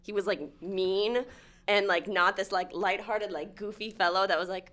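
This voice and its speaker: A woman in casual group chat, talking in a chatty way with lots of fillers and animated storytelling. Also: mid-range voice, normal speed. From lived in Turkey. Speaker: panelist.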